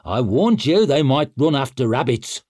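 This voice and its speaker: A man's voice: medium pitch, very animated, normal speed, darkish tone, no room sound, studio quality, voice pushed up. A man voicing a wild, menacing young barbarian king who talks in a sneering, mocking manner.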